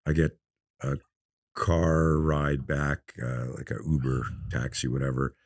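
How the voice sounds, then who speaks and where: A man in his fifties, a self-defense instructor, telling stories in a relaxed podcast interview and acting out the dialogue. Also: a bass voice, a little slow, no room sound, clean studio sound. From North America. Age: 50s. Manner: relaxed storyteller who acts out quoted dialogue. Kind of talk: casual storytelling interview.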